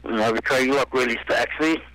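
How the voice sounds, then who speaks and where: A man from Illinois calling in to a show, breathing heavily through halting, flat come-ons. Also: mid-range voice, no echo, rough recording. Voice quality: heavy breathing. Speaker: caller.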